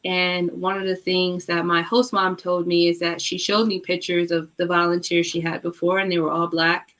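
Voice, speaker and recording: A woman telling stories in a casual chat, animated and laughing, with many fillers. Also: on the low side, normal speed. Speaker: book club guest.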